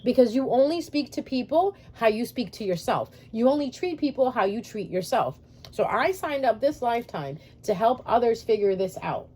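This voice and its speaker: Husky-voiced woman giving spiritual advice. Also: fairly high pitch, big pitch swings, normal speed, dark tone. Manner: emphatic, repetitive, addresses viewers directly. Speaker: spiritual YouTuber. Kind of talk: spiritual advice vlog to subscribers.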